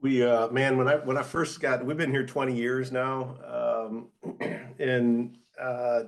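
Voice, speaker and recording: A man's voice: medium pitch, little pitch movement, takes it slowly. A man with a Michigan accent, an audiologist guest on a podcast, chatting casually with many restarts. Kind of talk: casual chat.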